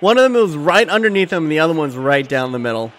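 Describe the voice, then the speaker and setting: A man hosting a live watchalong stream, commentating excitedly and profanely, shouting at big moments and chatting with his viewers. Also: fairly high pitch, fast. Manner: talks to his chat and thanks viewers.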